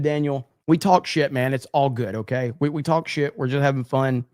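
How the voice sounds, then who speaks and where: A man's voice: medium pitch, normal speed, darkish tone, dry recording, clean studio sound. A man hosting a livestream podcast, chatting casually, reading donations and trading blunt, profane, mock-angry banter with his chat.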